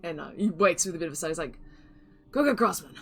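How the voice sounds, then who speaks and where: A woman's voice: low voice, rapid-fire, a bit bright. A woman narrating as game master of a tabletop game, describing scenes loosely with many fillers and asides.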